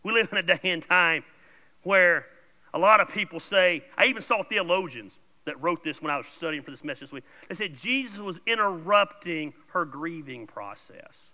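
A male pastor with a high, very bright, sharp-edged voice preaches a sermon. He talks bluntly and informally, jumping from loud emphatic bursts to soft asides. The sound has the long reverb of a large church hall. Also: lively intonation, normal speed.

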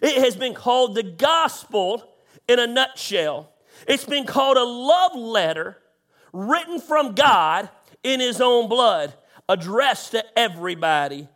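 A middle-aged man preaching with a strikingly high voice. He talks with passion and emphasis, drawing key phrases out slowly and sometimes breaking into a shout. His delivery keeps a pastor's pulpit rhythm. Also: animated. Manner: impassioned, emphatic with sudden slowed lines and shouts. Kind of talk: sermon.

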